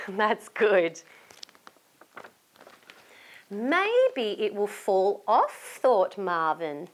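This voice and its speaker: A woman from Australia reading a storybook aloud to young children, animated and inviting them to join in. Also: mid-range voice, drawn-out words.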